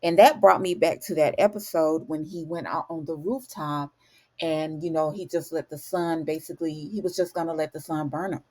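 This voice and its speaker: A woman's voice: low-pitched, steady tone, normal speed, a little mellow. A woman casually recapping a show episode for viewers, chatty and emotional, with frequent fillers and asides to the audience.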